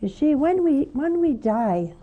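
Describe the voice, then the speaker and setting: An older woman, a nun hosting a call-in show, preaching fervently and coaxing callers, her voice often rising to high emphatic peaks. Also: sing-song, measured pace, narrow, tinny audio.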